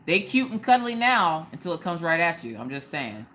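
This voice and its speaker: A woman's voice: fairly low pitch, big pitch swings, moderate pace, a bit bright. A woman hosting a casual craft live stream, joking around and answering viewers in the chat by name.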